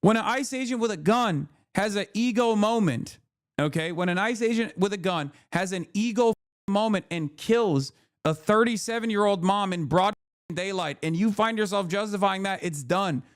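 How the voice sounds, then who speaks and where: A man's voice: sits high, normal speed. A man streaming live, ranting heatedly and with lots of swearing as he argues back at his chat. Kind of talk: livestream commentary, arguing with chat.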